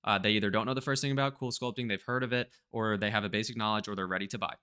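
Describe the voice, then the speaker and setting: A marketing coach with a fairly low, clear, resonant voice teaches rapid-fire directly to camera. Energetic throughout, he checks in with his audience by asking "right?" and "okay?".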